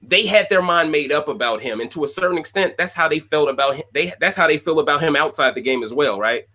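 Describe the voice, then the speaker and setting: Man, fairly high voice, casual rant commentary, opinionated, repeats himself, addresses viewers. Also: lively intonation, fast, pushed and bright. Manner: opinionated, repeats phrases, talks to viewers directly. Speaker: podcast host recapping a reality show.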